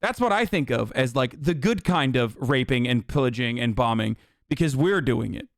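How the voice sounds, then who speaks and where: A man's voice: mid-range voice, expressive, normal speed, gravelly, no echo, clean studio sound. A man streaming heated political commentary, ranting angrily and swearing constantly. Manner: profane, angry ranting.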